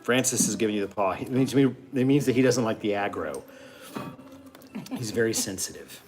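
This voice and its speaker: A man's voice: lowish voice, a little fast, darkish tone, faint music behind. A middle-aged man hosting a cooking show, chatting and joking dryly in his home kitchen as he cooks. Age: 50s. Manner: dry, joking, rambling. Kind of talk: casual chat while cooking.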